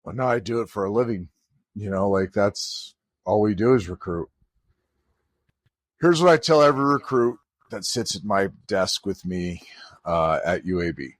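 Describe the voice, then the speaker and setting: A man's voice: fairly low pitch, normal speed, pauses often, dry recording, clean studio sound. A middle-aged man, a college volleyball head coach, telling a story in a podcast conversation and acting out the people he quotes. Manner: animated storyteller who acts out quoted dialogue.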